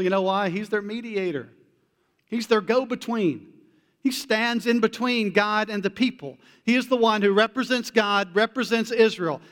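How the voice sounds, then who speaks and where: A male pastor preaching a sermon in a conversational way, with casual slang, moving between hushed and emphatic delivery. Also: sits high, big-room sound.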